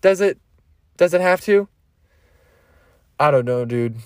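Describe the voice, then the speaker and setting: A young man with a fairly high voice rambles through a solo podcast monologue, swearing freely and getting more and more excited. The sound is dry and close, with no room echo around him. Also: slow pace. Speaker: podcast host. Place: parked van in a driveway.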